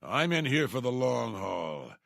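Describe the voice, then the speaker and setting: A man's voice: mid-range voice, sing-song, a little slow, gravelly, fairly bright tone, dry recording, clean studio sound, exaggerated voice. An actor voicing a bitter, jailed male thief who plots revenge, in a resentful, conspiratorial tone, from a fantasy video game.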